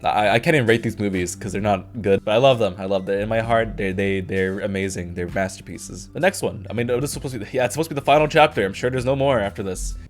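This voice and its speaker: A man's voice: lowish voice, fast talker, hardly any pauses, faint music behind. A young man hosting a casual movie review chat, rambling and swearing, laughing often between remarks. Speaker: video host.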